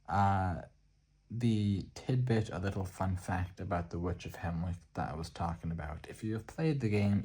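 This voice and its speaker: An Irish man hosting a soft-spoken art book showcase, relaxed and hesitant, pausing often with fillers. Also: low voice, breathy edge. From Ireland. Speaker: art book channel host.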